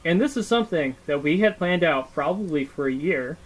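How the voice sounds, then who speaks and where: A man's voice: on the high side, expressive, a little fast, rough recording. A young man co-hosting a podcast, telling stories in casual chat, swearing freely and using lots of fillers. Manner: profane, storytelling with lots of fillers. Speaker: podcast co-host.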